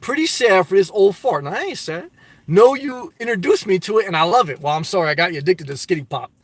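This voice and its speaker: A middle-aged man from the US Northeast chats on a live stream, reading comments aloud and urging viewers on with upbeat, preachy energy. His voice sits fairly high for a man and speaks straight to the audience. The sound is dry and close, with almost no room echo. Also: expressive, quick pace.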